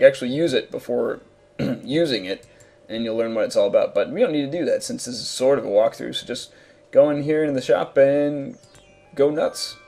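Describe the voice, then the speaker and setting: A man's voice: mid-range voice, darkish tone. A young man hosting a let's play, giving rambling, casual commentary full of fillers. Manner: rambling, laughing, filler-heavy.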